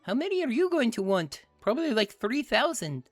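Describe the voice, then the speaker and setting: A man's voice: very high voice, very animated, brisk, faint music behind. A man streaming a video game, chatting playfully with his chat and laughing often. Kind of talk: let's-play commentary.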